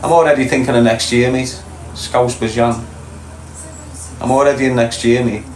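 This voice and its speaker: The middle-aged livestream host has a Liverpool accent and a level, medium-pitched voice at normal speed, with faint music behind. He reads viewers' comments casually and bluntly, swearing freely. His room is echoey, with faint ambience.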